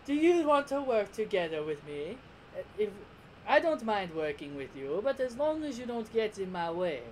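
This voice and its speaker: A man's voice: high voice, very animated, normal speed, slight background noise. A man doing a smug, mock-polite alien tyrant.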